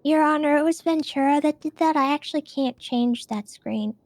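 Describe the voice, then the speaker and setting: A high-pitched woman defends herself in an online roleplay courtroom, her words now and then sliding into a southern drawl. She sounds defensive but stays calm. The sound is dry and close to the mic. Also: normal speed, no room sound. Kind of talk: in-character roleplay banter.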